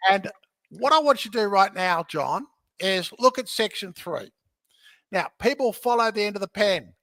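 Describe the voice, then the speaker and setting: An energetic man with a high, bright voice explains his methods as a podcast guest. He talks in a lively, joking way and keeps checking in with his listener. The sound is dry and close. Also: moderate pace, dry recording. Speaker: podcast guest, real estate educator. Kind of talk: animated teaching in conversation.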